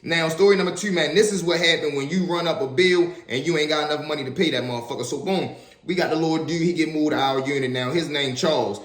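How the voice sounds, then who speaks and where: A man in his twenties telling personal stories in a casual, slangy, animated way, often turning to the listeners with asides. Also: fairly high pitch, fast. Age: 20s. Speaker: storyteller. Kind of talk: casual storytelling vlog. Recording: echoey room.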